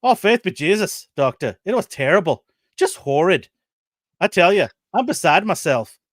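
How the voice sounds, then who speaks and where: A man's voice: big pitch swings, moderate pace, a bit bright, no room sound, full character voice. Old Irish woman, scandalized storyteller, bad brogue on purpose, a man puts her on. Dry, close sound. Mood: flustered. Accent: put-on Irish. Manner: exaggerated storytelling brogue, higher pitched.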